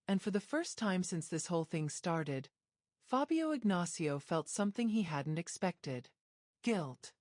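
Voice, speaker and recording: A woman's voice: darkish tone, no room sound, studio quality. A woman narrating a romance drama, reading scripted lines with a dramatic storytelling manner. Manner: dramatic storytelling, acting out dialogue with lifted pitch.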